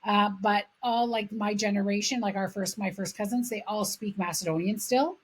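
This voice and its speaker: A husky woman from Canada tells stories on a podcast with lots of energy. She talks loosely and swears freely. Her voice has a rough, breathy edge. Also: mid-range voice, normal speed, low-quality recording. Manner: animated storyteller, swears freely, laughs mid-story. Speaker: podcast host. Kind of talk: casual chat.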